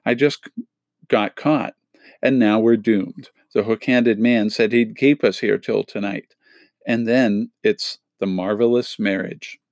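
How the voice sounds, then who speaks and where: A man's voice: lowish voice, fairly even intonation, measured pace, darkish tone, no echo, studio quality. A man reading aloud, voicing a resourceful, worried inventive girl from a storybook.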